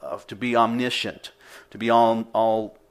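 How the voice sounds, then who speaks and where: A man's voice: fairly low pitch, steady tone, unhurried, clear, resonant tone. A middle-aged man pastor giving a conversational sermon, with frequent fillers and repeated words.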